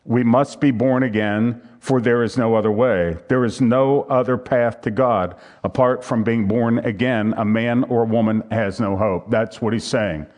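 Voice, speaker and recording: Man, preacher, emphatic sermon, repeats his points, reads scripture aloud, middle pitch. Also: fairly even intonation, normal speed, hardly any pauses, darkish tone. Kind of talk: sermon teaching from a handout.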